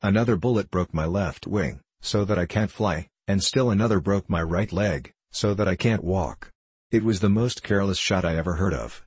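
A man voicing a husky, grumbling rock monster. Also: deep voice, moderate pace, dry recording. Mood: reproachful. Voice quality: harsh, husky, talking through clenched teeth. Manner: reproachful, bad-tempered, polite menace. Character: huge grumpy flying rock monster, male.

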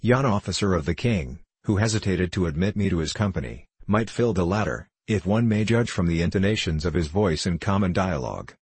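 A man's voice: low voice, expressive, a little fast, few pauses, a little mellow, slightly rough, no echo. A man voicing a solemn, long-winded male psalm-singing teacher, using formal old-fashioned phrasing.

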